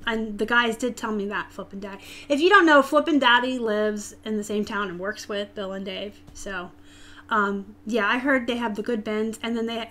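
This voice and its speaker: A woman's voice: on the high side, a bit bright. A woman from Arizona with a light Southern US accent, hosting a casual live stream and answering viewers' chat comments directly. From Tucson, Arizona, US.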